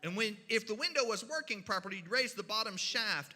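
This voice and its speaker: Bright-voiced storyteller in a hall. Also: male voice, high-pitched, brisk, hardly any pauses. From Kentucky mountains. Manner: animated, folksy, sound effects and voices. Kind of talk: humorous storytelling. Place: church hall. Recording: reverberant hall.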